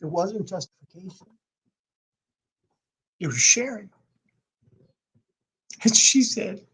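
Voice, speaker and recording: A man speaking as a podcast guest, telling a personal story with strong emphasis, swinging from loud to nearly a whisper. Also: high voice, big pitch swings, slow pace, pauses often, breathy edge, poor audio.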